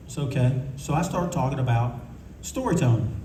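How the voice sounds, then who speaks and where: Older male panelist, rambling raconteur, warm low-key tone, faint room hum behind. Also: normal speed, pauses often, far from the mic. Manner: rambling, candid, swears freely. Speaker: convention panelist. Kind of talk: casual anecdotal storytelling. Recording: echoey room recording from afar.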